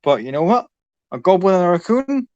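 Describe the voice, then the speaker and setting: A man's voice: sits high, big pitch swings, a little fast, no room sound, highs cut off. A man puts on a brash circus ringmaster, all swagger and swearing. He barks at the crowd with a raised, pushy voice. The sound is dry and close. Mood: scornful. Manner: loud, foul-mouthed and bossy.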